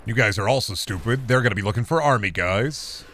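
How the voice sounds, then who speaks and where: A married man streaming a video game, rambling sarcastically and insisting in mock calm that he is not mad. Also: on the low side, fairly quick, a little hiss or hum. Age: adult, married. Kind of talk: casual gameplay chat.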